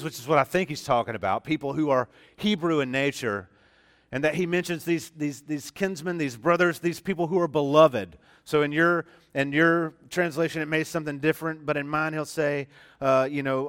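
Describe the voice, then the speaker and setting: A man preaching from the pulpit with a smooth, resonant voice that sits a little higher than most men's. He talks to the congregation in a conversational way and stops to restart and repeat phrases. He leans hard on the key words to drive them home. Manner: earnest and emphatic, stressing key words. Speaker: pastor. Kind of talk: sermon.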